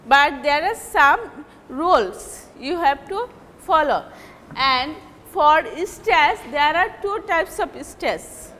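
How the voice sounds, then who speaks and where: A woman teacher with a Bangladeshi accent giving a recorded English lecture, repeating and stressing example words deliberately. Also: high voice, animated, fairly bright tone, big-room sound.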